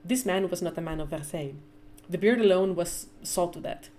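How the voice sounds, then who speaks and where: Woman reading a novel aloud, low voice. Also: warm tone. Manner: measured storytelling narration. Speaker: reader.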